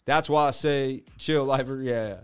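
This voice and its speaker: Man, higher voice, fiery and preachy, livestream rant, faint music underneath. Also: brisk. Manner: fiery, preachy, repetitive, slogans. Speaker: livestream crypto market host. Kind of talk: impassioned live rant.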